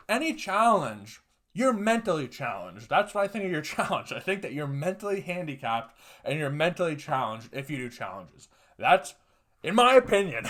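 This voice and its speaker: Profane, ranting male podcast host. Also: on the high side. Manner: profane, ranting, with loud emphatic bursts. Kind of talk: casual solo podcast monologue.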